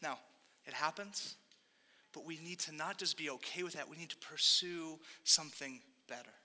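A young man delivers a sermon in a loose, conversational style, correcting himself and tossing in jokey asides. His voice sits high and rings very bright. It carries the long reverb of a church hall. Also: moderate pace. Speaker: pastor.

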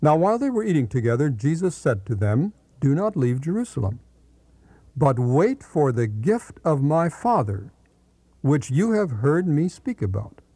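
A man reading a Bible commentary aloud in a measured, deliberate teaching manner. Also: fairly high pitch, big pitch swings, dark tone, husky, no room sound.

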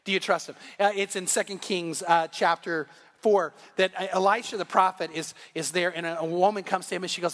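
A middle-aged man preaching from the pulpit with a high, bright, ringing voice. He tells stories with animation and acts out the voices of God and biblical figures. His words carry a long reverb through a church hall. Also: fairly quick. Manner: animated storytelling, voicing God and Bible figures. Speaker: pastor. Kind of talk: sermon. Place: church sanctuary.

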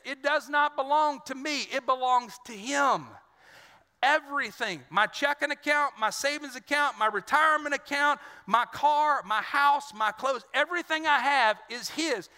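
A man's voice: extremely high pitch, sharp tone, clean tone, long reverb tail. A male pastor preaching a sermon in an earnest, conversational way, often repeating words as he goes.

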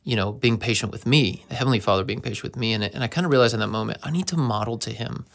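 A man's voice: mid-range voice, very fast, creaky, fairly bright tone. A man in a casual conversation, telling stories in an earnest, anecdotal way.

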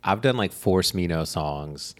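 Young guy cohosting a podcast, deep voice, rambles and laughs a lot, super casual. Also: expressive, measured pace, soft background music. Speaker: podcast co-host. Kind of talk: casual chat.

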